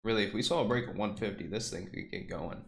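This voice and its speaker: Hoarse man doing market commentary. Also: on the low side, reverberant, a little hiss or hum. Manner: relaxed, reads out price levels slowly. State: losing his voice from a sore throat. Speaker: stock trading livestream host. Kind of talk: casual live market commentary.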